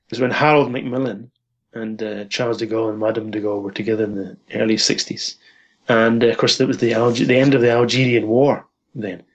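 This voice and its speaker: A man talking as a guest on a podcast interview, joking and laughing often in casual conversation. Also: mid-range voice.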